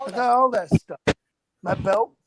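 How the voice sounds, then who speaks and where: A man's voice: high-pitched, unhurried, background noise. A man on a live video chat, joking in an easygoing drawl. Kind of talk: casual group chat. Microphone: video call.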